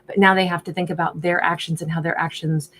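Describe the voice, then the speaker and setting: A woman's voice: lowish voice, flat delivery, fast talker, fairly bright tone, slight background noise. A woman giving a casual tarot reading, musing aloud in a chatty way and often voicing the subject's thoughts. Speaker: tarot reader.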